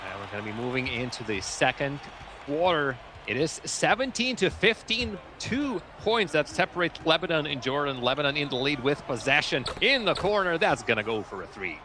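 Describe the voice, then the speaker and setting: A man's voice: fairly high pitch, sing-song, normal speed, sharp tone, a little hiss or hum. A man giving live color commentary on an esports basketball game, laid-back and playful.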